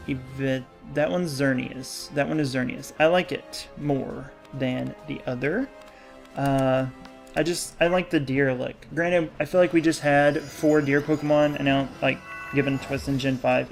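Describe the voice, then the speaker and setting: A man's voice: mid-range voice, steady tone, normal speed, gravelly, soft background music. A young man hosting a gaming channel, rambling in casual commentary over gameplay and often losing his train of thought.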